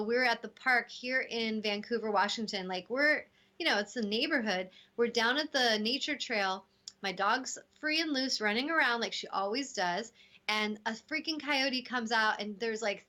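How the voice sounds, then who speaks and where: A woman hosting a casual spiritual talk show, telling stories with lively acted-out quotes. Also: on the high side. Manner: animated storytelling, acting out voices in quotes. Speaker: host.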